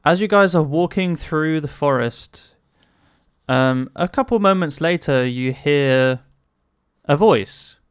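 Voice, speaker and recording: Male game master, unhurried, smooth clear voice, um-heavy delivery. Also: fairly high pitch, lively intonation, no echo, clean studio sound. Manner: hesitant, many fillers, chuckling. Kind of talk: narrating a tabletop game.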